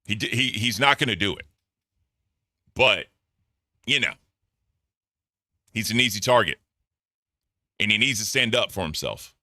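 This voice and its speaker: A man with a low but piercingly bright voice, recorded close and dry. He gives casual commentary in a blunt, profane way, flaring into animated rants. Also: a little slow, long pauses, dry recording. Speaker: commentary host.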